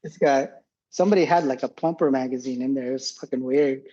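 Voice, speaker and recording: A man's voice: mid-range voice, fast, warm tone, muffled recording, slight background noise. A man in his forties, a podcast guest and former combat medic, telling war stories in a rambling, profane way and laughing often. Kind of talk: casual war storytelling.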